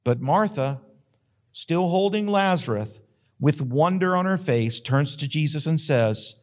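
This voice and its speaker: A male pastor delivers a sermon, telling the story with dramatic pauses. His fairly high-pitched voice rises into emphatic questions to the congregation. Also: animated.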